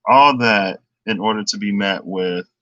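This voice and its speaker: A man talks through a tarot reading in a loose, chatty way, thinking aloud and drifting into lively retellings. His voice sits a little low but comes across bright and forceful. The sound is close and dry, with no room around it. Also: a little slow, no echo, lo-fi sound. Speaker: tarot reader.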